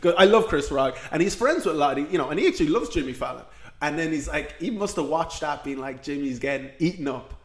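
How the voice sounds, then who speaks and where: A man's voice: a little high, fast. Man ranting in an echoey room. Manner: animated, swearing, ranting with laughs. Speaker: podcast co-host. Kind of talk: casual comedic chat.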